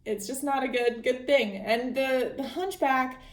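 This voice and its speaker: A fairly high-voiced woman hosts a podcast and recaps a book in loose, chatty storytelling, tripping over her words and restarting often. Her voice bounces around a roomy, echoing space. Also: unhurried. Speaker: podcast host.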